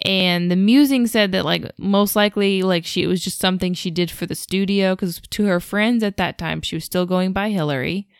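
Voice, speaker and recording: A woman's voice: lowish voice, normal speed, few pauses, clear, resonant tone, no room sound, studio quality. A woman co-hosting a podcast, telling a story in casual chat with lots of fillers and frequent laughs. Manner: chatty storyteller, laughs often, many fillers. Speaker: podcast co-host.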